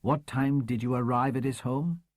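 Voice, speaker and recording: A man's voice: mid-range voice, fairly even intonation, normal speed, no room sound, studio quality, lightly acted. Man voicing a dogged, businesslike police superintendent. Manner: formal, businesslike, probing. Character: middle-aged male police superintendent, dogged and formal. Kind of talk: audiobook character voice.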